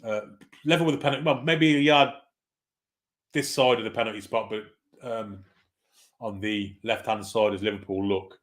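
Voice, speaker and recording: A man's voice: on the low side, fairly even intonation, normal speed, pauses often. Blunt man doing match commentary. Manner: chatty and blunt, swears freely, reads out viewer comments. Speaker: host of a football watchalong stream. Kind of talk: casual live match commentary.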